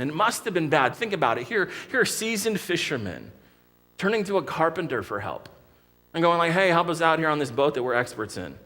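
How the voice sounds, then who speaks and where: American guy preaching, bright edgy voice, keeps restarting lines, earnest and vivid. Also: on the high side. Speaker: pastor. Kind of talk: sermon.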